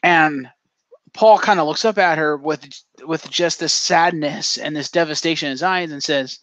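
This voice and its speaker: A man's voice: a little high, normal speed, fairly bright tone, no echo. A man co-hosting a casual podcast, telling a story with energy and swearing freely. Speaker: podcast co-host. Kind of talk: casual chat. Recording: dull lo-fi dry sound.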